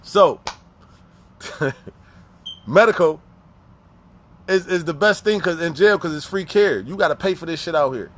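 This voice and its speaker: A man casually telling prison stories in heavy profane slang, animated, with frequent restarts and repeats. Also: fairly high pitch, unhurried, long pauses, a little hiss or hum. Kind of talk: casual storytelling.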